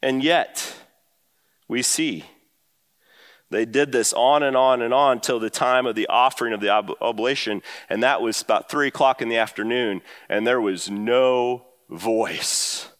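A man preaching a sermon to his church, talking in an animated way that climbs higher when he quotes and drives home a point. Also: a little slow. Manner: animated, rising pitch when quoting and emphasizing. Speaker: pastor. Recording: long hall reverb.

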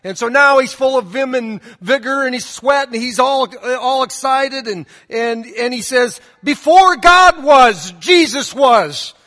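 A man's voice: very high-pitched, unhurried, hardly any pauses, pushed and bright, big-room sound. A man preaching a sermon in a church, telling stories in a conversational way and reading scripture aloud. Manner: conversational storytelling with asides. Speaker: pastor. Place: church sanctuary.

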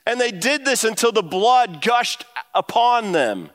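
Male pastor, high voice, animated sermon delivery, big reverberant church hall. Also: unhurried. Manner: animated, rising pitch when quoting and emphasizing.

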